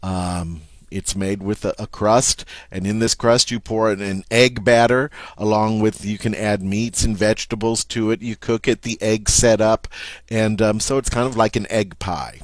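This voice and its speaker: A man teaching French vocabulary in a slow, patient way, saying each word twice and then explaining it. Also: lowish voice, fairly even intonation, dry recording. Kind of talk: vocabulary lesson.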